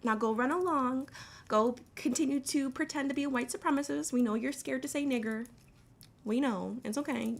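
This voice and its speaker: A woman hosting a casual livestream, blunt and talking with lots of fillers and swearing. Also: a little high. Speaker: livestream host.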